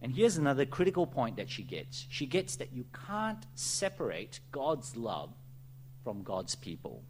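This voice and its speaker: A man preaching an earnest expository sermon, often slowing down to dwell on key phrases. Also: medium pitch, huge pitch swings, a little hiss or hum.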